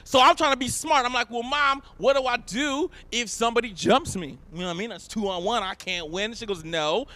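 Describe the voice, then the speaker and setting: A male stand-up comedian with a very high voice and a bright, sharp edge. He tells animated stories and shouts his punchlines for effect. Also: brisk, few pauses. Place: live event stage.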